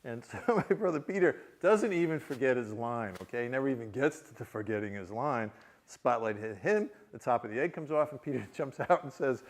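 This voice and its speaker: A man's voice: medium pitch, lively intonation, brisk. A man, an author giving a reading, telling humorous stories to a live audience, laughing often and joking with the crowd. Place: university reading before an audience.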